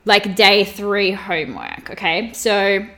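A woman, hosting a live podcast stream and gushing excitedly to her viewers, full of fillers and exclamations. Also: medium pitch, takes it slowly. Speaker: podcast host and mindset coach. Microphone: camera mics on a live stream.

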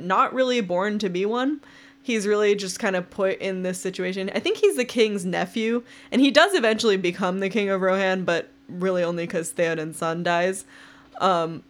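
A young woman co-hosting a podcast, chatting casually about a book with lots of fillers and easy laughs. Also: medium pitch. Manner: chatty, uses many fillers, laughs easily. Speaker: podcast co-host. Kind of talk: casual book-club chat.

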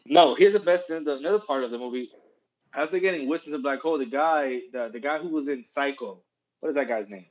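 Slightly high-voiced man chatting casually. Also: fast talker. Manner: animated, bursts in with comments and swearing. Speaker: podcast co-host. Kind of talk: casual movie review chat. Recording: dull lo-fi sound.

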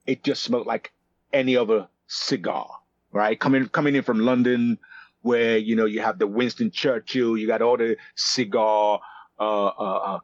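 A man in his fifties, a podcast guest, telling animated stories with many restarts and "you know"s. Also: on the low side, moderate pace, no echo. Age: 50s. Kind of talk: casual storytelling interview. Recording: dry dull lo-fi sound.

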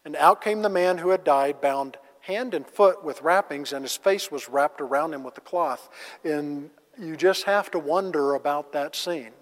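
A man's voice: on the high side, normal speed. A man teaching a conversational Bible lesson, casual and asking the class rhetorical questions. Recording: long reverb of a large hall.

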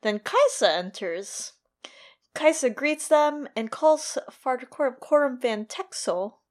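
A woman co-hosting a podcast, talking casually and thoughtfully about a TV episode with quick asides. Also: high-pitched, lively intonation. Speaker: podcast co-host. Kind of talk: casual chat recapping a TV episode.

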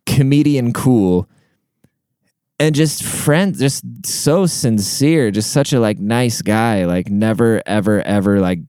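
A man's voice: fairly low pitch, slow pace, a little mellow, smooth, no room sound. Rambling, earnest young man, dry close mic. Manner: rambling, heavy filler words, frequent swearing; earnest and emotional. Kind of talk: casual personal storytelling.

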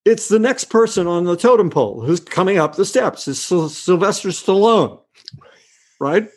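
An older man as an interview guest, telling relaxed, self-mocking anecdotes, hesitating with many uhs and restarts. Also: high voice, normal speed. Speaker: guest actor.

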